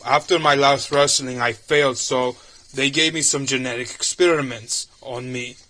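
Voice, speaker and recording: A man's voice: medium pitch, fairly even intonation, normal speed, sharp tone, slight background noise, natural voice. A man doing a blustering tar-covered ex-wrestler villain. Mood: explaining. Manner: bossy and blustering. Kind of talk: fan audio drama.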